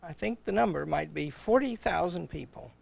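In casual livestream conversation, an older college president speaks with a fairly high, creaky, darkish voice, animated and at normal speed, on a dry recording. He tells rambling stories full of chuckles, acting out quoted exchanges and the voices of the people in them.

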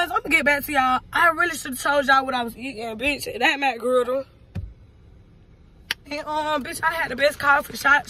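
Young adult woman, vlogger. High, bright and brash, rambling and profane, with faint car noise behind. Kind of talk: casual vlog rant.

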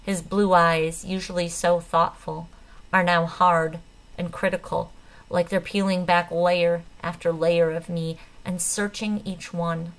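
A woman reading a novel aloud in the first person, with an expressive, dramatic delivery. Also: fairly low pitch, a little slow, poor audio. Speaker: audiobook reader. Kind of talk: first-person audiobook narration.

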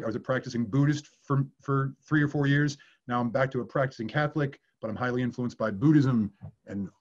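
A man's voice: medium pitch, dull audio. A man working as an acting coach, answering viewer questions in a candid way and swearing casually.

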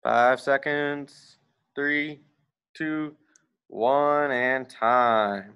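A man teaching a martial arts class, leading a warm-up with encouraging, casual coaching and offhand asides. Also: medium pitch, moderate pace, long pauses, rough recording.

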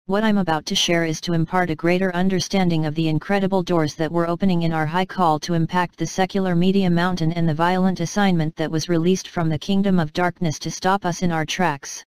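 A woman narrates her own devotional memoir with an earnest, measured delivery. Her voice sits a little low and sounds smooth and clear. The recording is close and dry. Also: fairly even intonation, no echo, low-quality recording.

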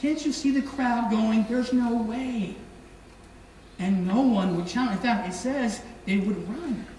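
Guy preaching slow and animated, church hall echo, picked up from far off with noise. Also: very high voice. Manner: lively storytelling, acting out quoted voices. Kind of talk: sermon. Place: church sanctuary. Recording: echoey hall from far off, noisy.

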